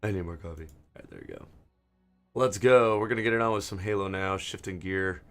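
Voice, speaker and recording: A man hosting a gaming channel, rambling and ranting with frequent swearing while he starts a match; his throat is hoarse. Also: sits low, expressive, fairly quick, soft background music. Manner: profane, ranting, digressive.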